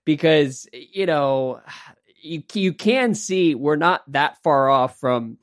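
A man hosting a podcast, reading listener questions in relaxed, friendly casual chat. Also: on the high side, slow, dry recording, clean studio sound.

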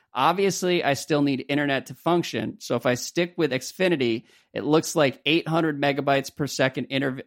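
A man's voice: mid-range voice, creaky. A man hosting a tech podcast with wry, dry humor, chatting and reading listener emails aloud. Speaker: podcast host. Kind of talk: casual podcast chat and reading listener mail.

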